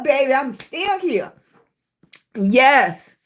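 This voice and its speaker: Woman, high voice, casual live-stream host, a bit congested, warm drawn-out greetings. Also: lively intonation. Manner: chatty, greets viewers, drawn-out emphatic talk. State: recovering from illness, congested.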